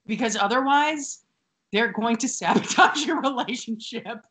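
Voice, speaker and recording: A woman co-hosting a podcast, chatting casually about a TV episode and acting out characters' lines. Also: a little high. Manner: animated, quick to act out characters. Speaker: podcast co-host. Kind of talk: casual recap chat.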